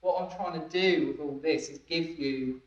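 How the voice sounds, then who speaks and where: A man's voice: on the high side, normal speed. A man giving a training talk, often laughing and checking that his listeners follow. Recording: echoey room, distant dull mic.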